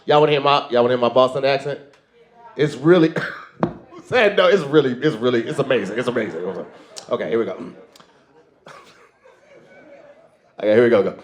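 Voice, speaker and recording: A man's voice: mid-range voice, animated, normal speed, long pauses. A man with a St. Louis accent hosting a comedy show, trading loose, slangy banter with the crowd. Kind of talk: emceeing, chatting with the crowd.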